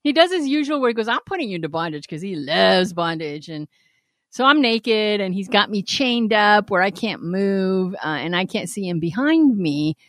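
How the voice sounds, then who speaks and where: A woman co-hosting a candid casual chat, telling stories with animated swoops and frequent laughs. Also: mid-range voice, normal speed, no room sound, clean studio sound. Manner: animated storyteller, swoops up when quoting; laughs often. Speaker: podcast co-host.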